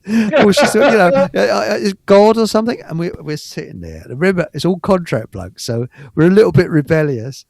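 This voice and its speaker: A man's voice: high-pitched, very animated, brisk, creaky, a little mellow, no room sound. An older man, host of a live stream, telling stories in a rambling, stammering way and chuckling often. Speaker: show host. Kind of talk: casual storytelling on a live stream.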